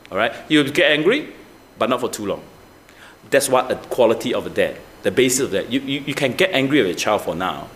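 A man's voice: mid-range voice, a bit bright, slight background noise. A man preaching a sermon as pastor, asking the congregation many rhetorical questions.

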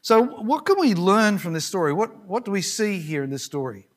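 A man preaching a sermon with a slightly higher voice than most men. He talks in a conversational, reflective way and retells a scripture story with the odd restart. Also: very animated, moderate pace.

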